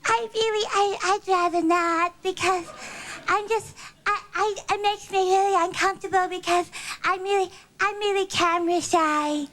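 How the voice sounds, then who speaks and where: A woman's voice: very high voice, steady tone, moderate pace, fairly bright tone, pitched above the performer's own voice. A woman comedian imitating a timid actress who stammers and hesitates. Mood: shy. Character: timid, breathy, camera-shy actress.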